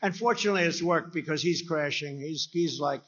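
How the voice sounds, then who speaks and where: A man's voice: a little high, brisk, a bit bright, dull audio. A man giving a rambling, conversational campaign rally speech at a podium microphone, acting out quoted dialogue. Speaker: political speaker at a rally. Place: rally venue.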